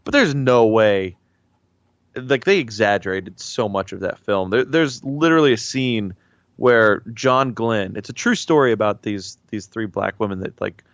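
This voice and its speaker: A man's voice: lowish voice, lively intonation, normal speed, no room sound, lo-fi sound. A man co-hosting a podcast in casual chat, rambling and blunt with many restarts. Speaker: podcast co-host.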